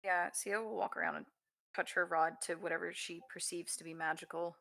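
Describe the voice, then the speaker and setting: A woman's voice: lowish voice, steady tone, brisk, creaky, sharp tone. A woman playing a tabletop game, asking questions in a hesitant way. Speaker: player. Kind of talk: casual tabletop role-play.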